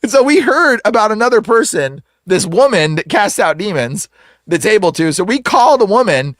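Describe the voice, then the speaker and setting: Give me a man recounting his story in a rush of "like" and "bro", with a high, swinging voice. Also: normal speed, dry recording, studio quality. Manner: excitable, slangy, full of "like" and "bro". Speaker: exorcist guest. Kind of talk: casual storytelling.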